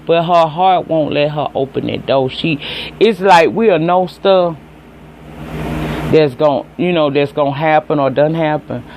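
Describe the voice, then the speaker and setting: A man's voice: a little high, a little slow, a little mellow, highs cut off, slight background noise. Chatty Southern man recapping a TV episode. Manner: chatty, profane and emphatic, talks straight to viewers. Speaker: TV episode reviewer. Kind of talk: casual recap and commentary.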